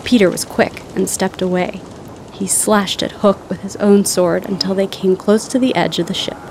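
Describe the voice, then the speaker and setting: A woman narrating a children's storybook in a clear, steady storytelling voice. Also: medium pitch, normal speed, slight background noise.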